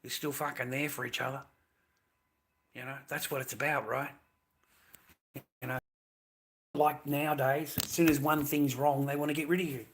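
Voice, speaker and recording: A man's voice: medium pitch, little pitch movement, moderate pace, long pauses, a little hiss or hum. An Australian man ranting to camera in a mocking, sarcastic way, swearing freely as he talks. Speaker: vlogger.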